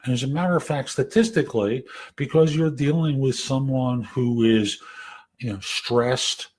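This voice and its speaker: A man in his later years, hosting a podcast, giving career advice in a soft, gentle, conversational way. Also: medium pitch, moderate pace, husky. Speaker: career coach and podcast host. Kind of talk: casual advice talk.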